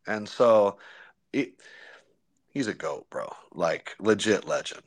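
Slangy, animated young man telling stories. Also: fairly low pitch. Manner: animated storyteller, slangy, does quick impressions. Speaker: sports broadcaster guest. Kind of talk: casual interview chat.

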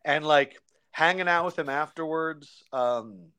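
A young man, a sports broadcaster, chatting in an interview, telling stories with slang and quick impressions of colleagues. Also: a little high, clean tone. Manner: animated storyteller, slangy, does quick impressions. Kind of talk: casual interview chat.

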